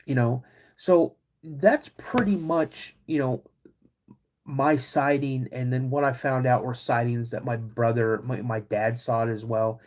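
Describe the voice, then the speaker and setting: A man hosting a podcast, telling a personal story to his listeners in a casual, animated way and acting out the dialogue. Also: medium pitch, measured pace. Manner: animated, acts out quoted dialogue. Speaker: podcast host.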